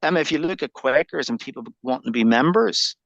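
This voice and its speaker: A man's voice: a little high, lively intonation, quick pace, vocal fry, a bit bright, no room sound, highs cut off. A man, a podcast guest who muses and thinks aloud in reflective conversation. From Northern Ireland.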